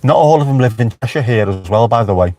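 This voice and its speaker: A man's voice: medium pitch, lively intonation, quick pace, warm tone, dry recording. A man with a Liverpool accent, chatting casually on a live stream from inside his car with wry asides to viewers. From Merseyside, England. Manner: chatty, wry, talks back to live chat.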